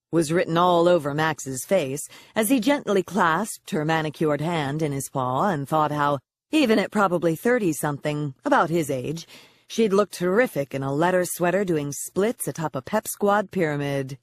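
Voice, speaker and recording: A woman narrating an audiobook in a wry, expressive storytelling manner on a close microphone. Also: sits low, normal speed, dry recording. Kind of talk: scripted narration.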